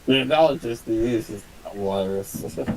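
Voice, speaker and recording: A man's voice: fairly low pitch, moderate pace, darkish tone, a little hiss or hum, poor audio. A man from Britain co-hosting a podcast, chatting in an easygoing way and laughing between remarks. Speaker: podcast co-host. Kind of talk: casual chat.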